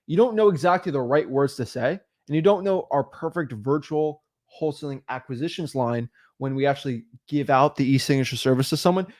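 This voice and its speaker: A man co-hosting a livestream, talking in an animated, coaching way and acting out conversations, with many "right?" and "like" fillers. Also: mid-range voice. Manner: animated, acts out quoted dialogue, frequent "right?" and "like". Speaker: co-host of real estate livestream. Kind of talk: motivational livestream talk.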